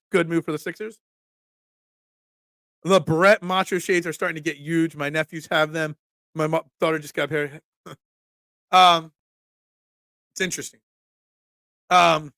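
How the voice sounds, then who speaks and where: A man's voice: a little high, sharp tone, no echo, clean studio sound. A middle-aged man hosting a casual sports talk stream, joking and chatting through viewer comments. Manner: chatty, joking asides, fillers and restarts. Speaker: sports talk show host. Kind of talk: casual live-stream chat reading comments.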